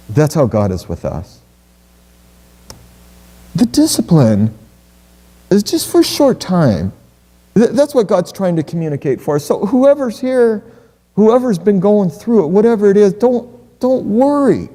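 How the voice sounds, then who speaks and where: A middle-aged man delivers an earnest, reassuring sermon in a slightly high but mellow voice. He often drops low and soft on key words. His voice rings out with long reverb through the church sanctuary. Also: sing-song, unhurried, pauses often. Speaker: pastor.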